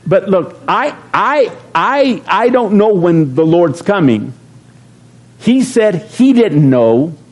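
A middle-aged man preaching a sermon as pastor, folksy and joking, rising into shouted calls to the congregation. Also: sits high.

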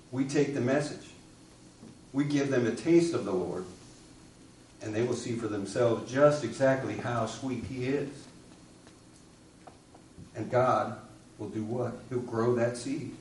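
A man's voice: medium pitch, takes it slowly, long pauses, darkish tone, slight background noise. A man preaching a sermon, telling a story and asking the congregation questions. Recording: echoey room, distant mic.

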